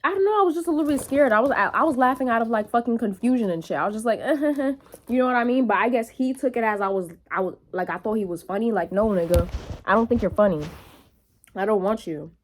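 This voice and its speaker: A young woman vlogging in a casual, animated storytelling way, full of profanity and quick asides to her viewers. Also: on the high side.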